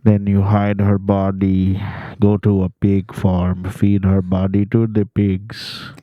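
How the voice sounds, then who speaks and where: A man putting on the voice of a menacing hotline man who slowly urges a caller on. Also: deep voice, completely flat delivery, no echo, lo-fi sound. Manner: slow, loud, sinister urging.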